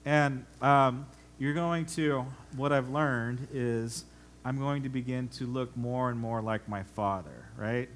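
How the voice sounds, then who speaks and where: Middle-aged male pastor, lively storyteller, easy mid-range voice, faint hum behind. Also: medium pitch, slow. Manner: animated storyteller, acts out voices, laughs often. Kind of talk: conversational sermon with stories.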